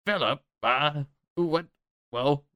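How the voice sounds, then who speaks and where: A squeaky little cave goblin, blunt and muddled, as a man puts him on. He stumbles over his words and talks well above a normal man's pitch. The voice is smooth, recorded close and dry. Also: takes it slowly, bright, forceful tone, no room sound. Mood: confused. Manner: blunt, bewildered, hesitant. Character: gruff little male cave goblin guard.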